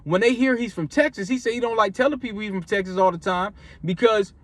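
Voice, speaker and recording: A man's voice: high-pitched, quick pace, no echo. A man from Minnesota telling a casual storytime, loose and rambling, with many restarts and repeats. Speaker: vlogger.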